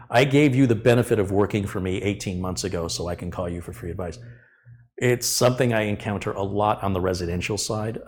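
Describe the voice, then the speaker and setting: A middle-aged man with a somewhat low voice hosts a live tech stream. He talks bluntly and at length, venting about customers. He plays out both sides of their arguments as he goes. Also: a little mellow. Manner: blunt, ranting, acts out customer dialogues. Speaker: tech channel host.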